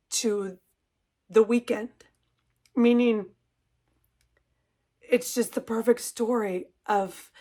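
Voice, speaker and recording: A middle-aged woman who runs a cross-stitch shop, chatting casually to her viewers in an emotional, gushing way and holding back tears. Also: a little high. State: tearful, composing herself. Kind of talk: casual chat to camera.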